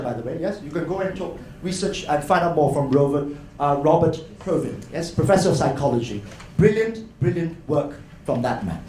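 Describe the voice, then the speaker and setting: A man giving an animated educational talk at a conference, often addressing the crowd as ladies and gentlemen. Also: sits high. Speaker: conference speaker. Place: hotel conference hall. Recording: echoey hall, faint noise.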